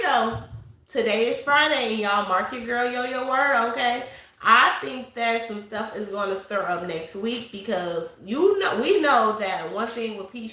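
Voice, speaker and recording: A woman's voice: on the high side, sharp tone. A woman hosting a casual livestream of gossip commentary, chatty and reading out viewer messages. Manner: chatty, reads super chats aloud, calls viewers baby and girl. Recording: echoey room.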